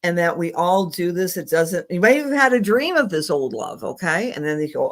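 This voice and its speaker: A woman's voice: fairly low pitch, very animated, normal speed, hardly any pauses. A middle-aged woman astrologer giving psychic readings on a live stream, affectionate and rambling, with many fillers.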